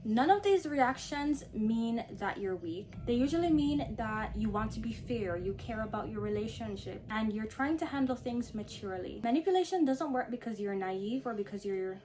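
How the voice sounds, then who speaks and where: Female self-help host, slightly high voice, steady coaching tone, light background noise. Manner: calm, firm and coaching, with slowed emphasis on key phrases. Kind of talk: direct-to-camera advice talk.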